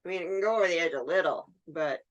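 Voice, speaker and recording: A woman's voice: on the low side, rapid-fire, highs cut off. A woman hosting a resin art tutorial, chatting casually and talking to herself as she works. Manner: chatty, talks to herself while working, laughs easily. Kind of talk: casual hands-on demonstration.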